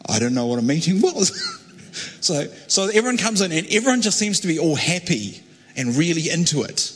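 A young man preaching a testimony, telling his story animatedly and acting out other voices, with a husky voice. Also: a little high, a little fast. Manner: animated, acts out quoted voices. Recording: echoey hall with long reverb.

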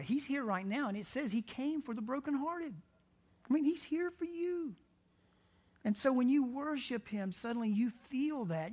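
A pastor preaching a sermon, earnest and conversational, often asking the congregation direct questions. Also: male voice, sits high, a little mellow.

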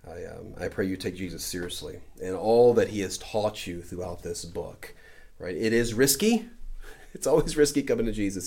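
Male pastor, low and mellow, with a chatty sermon delivery and frequent "right?" tags. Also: lively intonation, normal speed, slightly rough.

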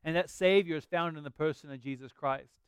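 A man's voice: fairly high pitch, fairly quick, clear, resonant tone, dry recording. A middle-aged man preaching a sermon as a pastor, earnest and conversational with emphatic rises.

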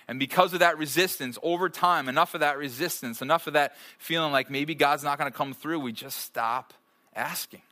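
A pastor in his thirties delivers a sermon to a live congregation in a conversational style, often checking in rhetorically and tossing in jokes. His medium-pitched voice sounds pushed and bright.

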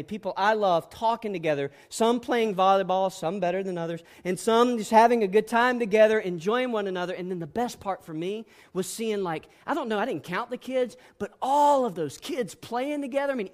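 A man delivers a sermon with a loud, impassioned manner. His voice sits notably high for a man. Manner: passionate, loud preaching. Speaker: pastor.

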